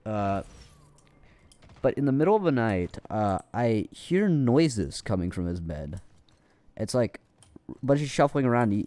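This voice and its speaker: Young guy rambling through a story, swears a lot, mellow and relaxed. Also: medium pitch, no room sound. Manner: rambling, profane, full of restarts. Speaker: streamer telling a story. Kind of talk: casual storytelling.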